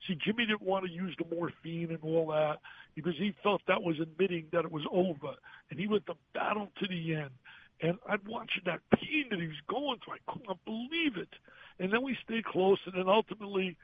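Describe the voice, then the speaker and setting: An older man on a phone call, telling stories in an animated way and acting out the voices of the people in them. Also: sits high, a little fast. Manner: animated, acts out quoted voices. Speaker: guest. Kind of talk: emotional storytelling on a call-in. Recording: tinny phone line with faint hiss.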